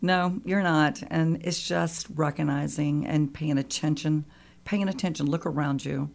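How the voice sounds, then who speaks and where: A woman on a radio show tells a personal story with feeling, a little slowly, in a low voice marked by vocal fry. She is animated and voices the characters she quotes.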